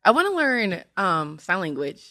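A young woman hosting a relaxed girls' chat in a studio, talking loosely with lots of fillers. Her voice is bright and crisp at a middle pitch. The sound is dry and close. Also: normal speed, no room sound. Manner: chatty, giggly, uses many fillers. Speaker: podcast host. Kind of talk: casual chat.

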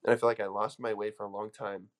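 A man speaks to a live audience in a motivational talk, his voice sitting somewhat low. He tells his stories emphatically and often restarts his sentences as he goes. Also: little pitch movement, fast. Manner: emphatic, storytelling, frequent restarts. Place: room with an audience.

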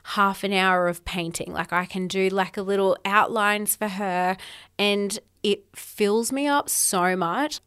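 A woman's voice: mid-range voice, fairly bright tone, clean tone. A young woman hosting a podcast, talking casually in a chatty monologue full of 'like' fillers and the odd swear word. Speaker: podcast host.

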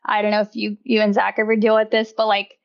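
A woman's voice: medium pitch, monotone, fast talker, creaky, muffled recording. A woman in casual conversation as a guest, talking freely with a lot of "like" and laughing often. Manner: chatty, uses "like" constantly, laughs often. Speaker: podcast guest. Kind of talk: casual chat.

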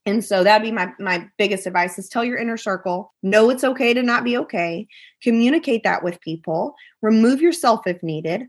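A woman's voice: mid-range voice, moderate pace. Earnest woman guest giving heartfelt advice. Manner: emphatic, repeats phrases, acts out friends' voices. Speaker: podcast guest.

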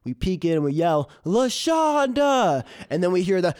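A male comedian telling a true story on stage with plenty of energy. His voice sits somewhat high for a man, and he breaks into laughter as he goes and slips into squeaky meows to play the cat. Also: quick pace, clean tone. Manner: animated, laughing through the telling, mimics a cat's meows. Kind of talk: live storytelling.

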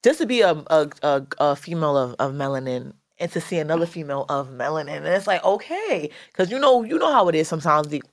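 A woman's voice: sits low, expressive, quick pace, few pauses, no room sound, studio quality. A woman rapper, being interviewed, who talks loosely and slangily with lots of "like", restarts and casual swearing. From the Bronx, New York. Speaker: rapper, guest.

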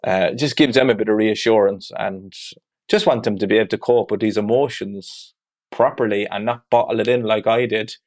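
A man's voice: lowish voice, fairly quick, darkish tone. Man, father, interview guest, candid, reflective, conversational. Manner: reflective, open, frequent "you know" asides. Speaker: father of two.

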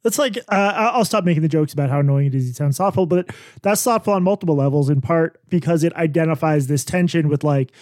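A man's voice: on the high side, fast talker, few pauses, darkish tone, dry recording, clean studio sound. A man co-hosting a podcast in casual chat, rambling and sarcastic, often cutting himself off mid-sentence. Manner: rambling, self-interrupting and sarcastic. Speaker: podcast co-host.

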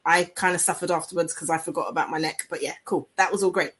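Female podcast co-host, a mother, brisk and matter-of-fact. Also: lowish voice, steady tone, fairly bright tone, breathy edge. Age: adult with a child. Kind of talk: casual chat.

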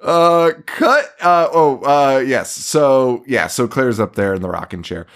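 A man co-hosting a podcast, recapping a movie in casual chat, swearing a lot, laughing and acting out scenes in quick put-on voices. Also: mid-range voice, expressive. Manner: profane, laughing, acts out scenes in quoted voices. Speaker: podcast co-host.

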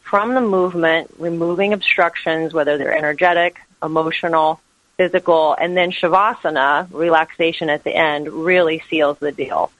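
A woman's voice: sits low, steady tone, moderate pace, a bit bright, no echo, low-quality recording. A woman yoga teacher, a guest in an interview, talking about spirituality in an earnest, flowing way. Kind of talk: interview answers.

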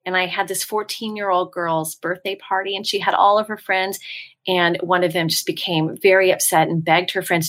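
Lively woman telling ghost tour stories. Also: on the low side, moderate pace. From San Francisco Bay Area. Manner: animated storyteller, acts out quoted voices. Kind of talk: casual podcast chat.

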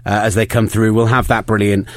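A man co-hosting a sports podcast, chatty and excitable, laughing often. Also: lowish voice, a little fast, dry recording. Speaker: podcast co-host. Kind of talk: casual chat.

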